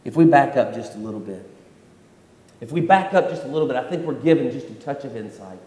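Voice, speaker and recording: A man's voice: medium pitch, lively intonation, brisk, dark tone. A man preaching a sermon in a church hall, talking in a conversational way and repeating his key points. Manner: conversational preaching with repetitions and acted-out quotes. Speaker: pastor. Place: church sanctuary.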